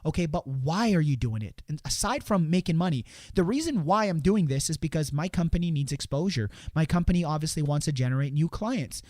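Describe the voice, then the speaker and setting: A man's voice: on the high side, darkish tone, no room sound, clean studio sound. Rambling man coaching sales. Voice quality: rambling, repeats words and restarts, acts out quotes in a raised voice. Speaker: sales coach hosting a show. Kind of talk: casual coaching talk.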